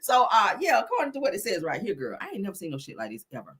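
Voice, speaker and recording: A woman hosting a casual gossip commentary, telling stories in an animated, slangy, laughing way. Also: mid-range voice, fast talker, slightly rough. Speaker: commentary channel host.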